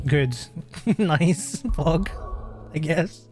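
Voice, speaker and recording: Mężczyzna, streamer gier, swobodnie komentujący rozgrywkę, często się śmieje, klnie i zwraca się do widzów oraz do postaci. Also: male voice, on the high side, expressive, normal speed, soft background music. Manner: giggly, swears a lot, talks to chat and the characters. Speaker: gaming streamer. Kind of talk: casual gameplay commentary.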